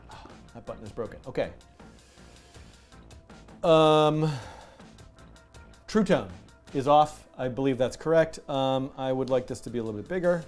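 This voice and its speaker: A man hosting a live coding stream, chatting casually, animated and self-mocking, laughing often. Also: mid-range voice, normal speed, pauses often, faint music behind. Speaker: livestream coding host. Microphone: headset with music in his ear.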